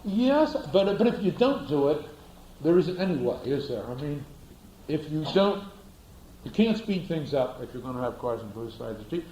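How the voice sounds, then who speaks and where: Lively man lecturing in an echoey room. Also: on the high side, moderate pace. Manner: asks the class rhetorical questions, acts out little scenes. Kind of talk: classroom lecture.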